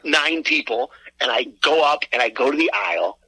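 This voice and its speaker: A man co-hosting a casual chat, telling a story with lots of energy and acting out what he shouted. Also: on the high side, moderate pace, vocal fry, slightly rough, dry recording, low-quality recording. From Cleveland area, USA. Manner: animated storyteller, swearing, acts out his own shouts. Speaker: podcast co-host.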